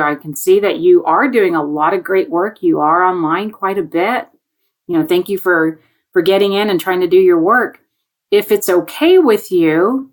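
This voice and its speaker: A woman on a remote video call, a guest telling a classroom story in a chatty way and acting out the voices of the people she quotes. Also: on the low side. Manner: animated, acts out quoted voices. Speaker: education guest on a panel. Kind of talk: conversational storytelling.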